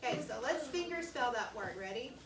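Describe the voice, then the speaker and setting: A woman teacher leading a classroom phonics lesson, slowly sounding out words for young students. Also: on the high side, expressive, a loud crowd. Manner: slow, deliberate sounding out of words. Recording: roomy classroom audio from a distance with noise.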